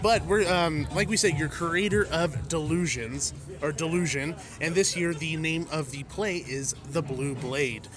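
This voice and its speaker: A man's voice: on the high side, unhurried, few pauses, music in the background. A man hosting a podcast, chatting enthusiastically and interviewing a guest. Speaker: podcast host.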